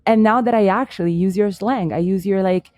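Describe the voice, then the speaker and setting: A woman from Italy whose English carries a Canadian lilt, chatting candidly with plenty of "like" fillers. Her voice sits at an ordinary middle pitch. The sound is close and dry, with little room to it. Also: a little fast, a little mellow, no echo. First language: Italian. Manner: candid, uses many "like" fillers. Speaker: podcast guest, marketer. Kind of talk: casual chat.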